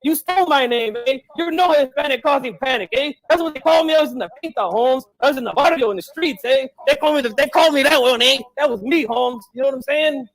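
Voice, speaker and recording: A man's voice: very high-pitched, quick pace, few pauses, fairly bright tone, voice pushed up, rough recording. A man doing an impression of a brash older male boxing dad and trainer who ends nearly every line with a challenging "eh?". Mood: boastful.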